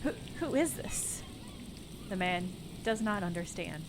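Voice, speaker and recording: A woman's voice: mid-range voice, wildly swooping pitch, unhurried, background noise. A woman voicing a bewildered, angry man who answers a phone, alarmed and indignant.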